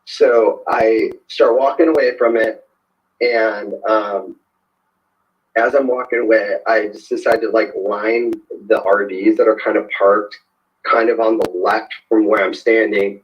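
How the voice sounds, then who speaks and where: A man's voice: on the low side, steady tone, unhurried. A man, a podcast guest, telling a personal story in a conversational way, hesitant, with many fillers and restarts. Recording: dull lo-fi sound.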